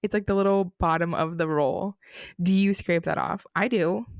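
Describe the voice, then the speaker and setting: A woman's voice: fairly low pitch, normal speed, no echo, studio quality. A young woman co-hosting a podcast, telling chatty stories with giggles, swearing and acted-out quotes. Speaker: podcast co-host. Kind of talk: casual chat.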